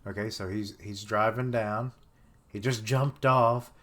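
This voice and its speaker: Guy streaming a manga reaction, lowish voice, cracks jokes and swears a lot. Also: steady tone, measured pace, a bit bright. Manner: joking, swears often, laughs at own jokes. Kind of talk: live reaction, reading aloud and commenting.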